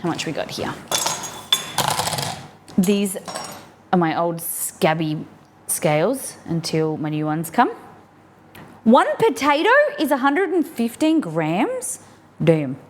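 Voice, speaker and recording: An Australian woman streaming live as she cooks at home, chatting to herself and her ingredients and breaking into excited squeals. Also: on the low side, slow pace, long pauses, a little hiss or hum. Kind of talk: casual live-stream cooking chat. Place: home kitchen.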